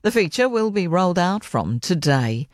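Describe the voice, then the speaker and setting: A woman reading a radio news bulletin in a measured, formal way. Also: on the low side, big pitch swings, a little hiss or hum. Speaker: newsreader.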